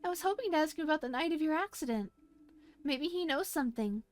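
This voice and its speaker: A woman's voice: high-pitched, expressive, quick pace, pitched above the performer's own voice. A woman voicing an earnest young male pigeon doctor in a game.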